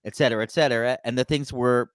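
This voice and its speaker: A man's voice: mid-range voice, fairly even intonation, fast, dry recording. A man hosting his own wrestling podcast, talking casually and animatedly, laughing often and leaning on "you know" and "right?". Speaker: podcast host, channel owner.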